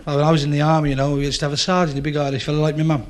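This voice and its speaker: A man's voice: fairly high pitch, little pitch movement, rapid-fire. A man doing chatty stand-up, teasing the audience and repeating his punchlines. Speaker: stand-up comedian. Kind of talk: stand-up routine. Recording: hissy old club recording with crowd. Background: audience laughter and chatter.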